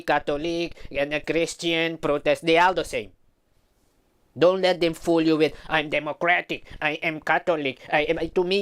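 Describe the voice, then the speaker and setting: A man's voice: a little high, clear, resonant tone. A man from Suriname, giving a heated, emphatic commentary vlog.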